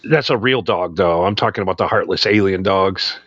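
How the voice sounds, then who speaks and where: A man's voice: low-pitched, a little fast, a bit bright, no room sound, lo-fi sound. A man co-hosting a casual podcast, trading jokes and banter. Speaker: podcast co-host. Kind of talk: casual stoner chat.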